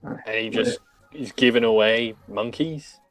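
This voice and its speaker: A man plays a tabletop game, speaking casually and dropping into a polite adventurer's manner. His voice sits mid-pitch. The recording is close and dry. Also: unhurried, dry recording, soft background music, poor audio. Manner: casual, swears, half in character. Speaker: player.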